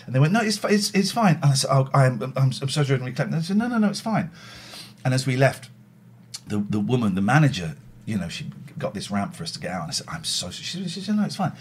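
Husky man telling rambling stories. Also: medium pitch, sing-song, fast. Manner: rambling anecdotes, swearing, self-mocking. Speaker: livestream host. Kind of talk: casual chat.

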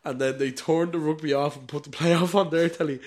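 A man's voice: fairly high pitch, fairly even intonation, brisk, darkish tone. A young Irish man co-hosting a casual chat podcast, telling stories with frequent laughs and casual swearing. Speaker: podcast co-host.

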